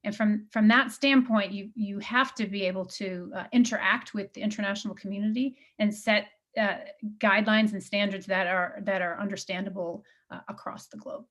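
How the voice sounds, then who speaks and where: A woman speaking as a panelist in a discussion, halting and restarting often. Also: medium pitch, steady tone, fairly bright tone.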